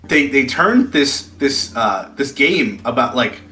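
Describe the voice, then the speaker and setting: A young man co-hosting a podcast, chatting excitedly and swearing freely. His voice is bright and forceful, and it sounds out in an echoey room. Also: mid-range voice, slow pace, slight background noise. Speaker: podcast co-host. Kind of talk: casual chat.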